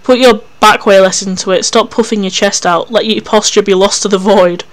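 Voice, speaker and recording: Reader playing a grumpy crude mentor, sarcastic, exasperated, smooth clear voice, middling pitch. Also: fairly even intonation, fairly quick, close to an everyday voice. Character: grumpy weary male mentor, blunt and crude.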